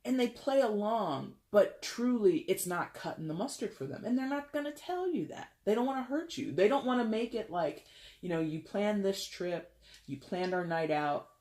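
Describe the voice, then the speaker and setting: Chatty, animated tarot reader. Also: medium pitch, moderate pace. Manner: chatty, animated, jokey, with bursts of laughter. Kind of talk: casual tarot reading.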